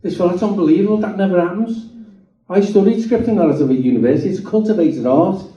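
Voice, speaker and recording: A man's voice: high voice, quick pace. A man giving his testimony to a live audience, telling stories animatedly and acting out the voices in them. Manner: animated storyteller acting out dialogue. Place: meeting hall. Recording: dull, roomy sound from a distant mic.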